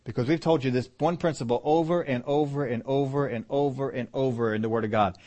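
A man preaching a sermon, urgent and emphatic, swinging between loud bursts and quiet low asides and often repeating himself. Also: steady tone, quick pace. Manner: repeats and restarts phrases while preaching.

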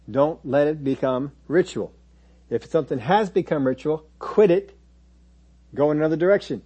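A man's voice: fairly high pitch, dark tone, husky, highs cut off. A man preaching a sermon in a conversational teaching manner, now and then mimicking churchgoers in quoted asides.

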